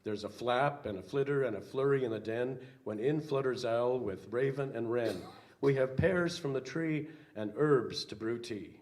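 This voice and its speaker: An older man, a minister, reading a children's story aloud slowly with some hesitant fillers. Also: mid-range voice, a little mellow.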